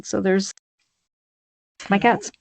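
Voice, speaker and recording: A woman's voice: mid-range voice, steady tone, very slow, gravelly, a little hiss or hum. A woman guest on a podcast, talking in a brash, crude, joking way. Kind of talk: casual chat.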